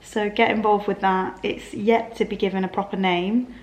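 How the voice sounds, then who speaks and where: A young woman, chatting casually to camera in her bedroom, rambling and laughing softly. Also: mid-range voice, flat delivery, moderate pace, slight background noise. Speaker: vlogger. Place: bedroom of a small flat.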